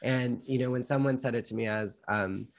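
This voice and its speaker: A man's voice: medium pitch, fairly even intonation, normal speed, vocal fry. A young man speaking as an interview guest, earnest and reflective, often saying "like" and "you know". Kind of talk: candid conversational interview.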